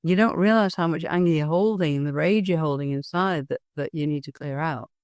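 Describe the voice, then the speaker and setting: A middle-aged woman guest talks candidly in an interview. She tells her stories with animated energy, often restarting her sentences. The sound is close and dry. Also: sits low, brisk, no room sound. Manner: earnest, animated storytelling with frequent restarts. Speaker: guest, hypnosis and NLP trainer.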